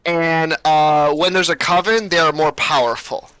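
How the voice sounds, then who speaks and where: A young man narrating a tabletop game as game master, describing scenes in a relaxed way with many fillers. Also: fairly high pitch, measured pace, smooth, no echo, poor audio.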